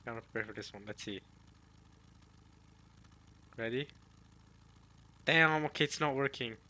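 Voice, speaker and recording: A man with a bright, forceful voice reacts casually to a manga chapter. He talks straight to his viewers and thinks out loud as he goes. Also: mid-range voice, measured pace, a little hiss or hum. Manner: chatty, addresses viewers as y'all, muses aloud. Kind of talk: casual reading and reaction chat.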